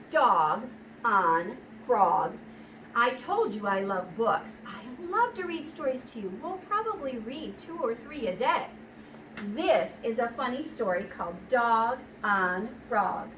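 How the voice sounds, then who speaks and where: A woman teacher speaking gently and slowly to small children in a welcome video. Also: sits high, a little hiss or hum. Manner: gentle, sing-song, slow for small children. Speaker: kindergarten teacher. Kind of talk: welcome video and read-aloud for young children.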